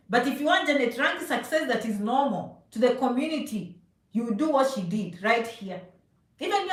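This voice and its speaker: Woman from Zambia, high voice, emphatic live-stream motivator who keeps checking "okay?", echoey distant mic. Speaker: immigration advice streamer. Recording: echoey room, voice a bit far from mic.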